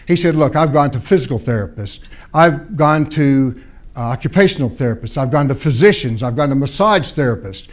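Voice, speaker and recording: A man's voice: medium pitch, a little fast. Man telling a story at a seminar. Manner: animated storyteller, acting out both sides of a dialogue; repeats and restarts phrases. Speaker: speaker at a seminar. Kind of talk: storytelling talk to an audience.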